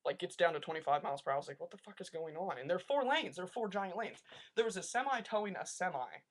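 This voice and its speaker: A young man telling a rambling story to his webcam, animated and full of "like", in a casual vlog. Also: high-pitched, fast. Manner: rambling, animated rants with lots of "like". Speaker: vlogger.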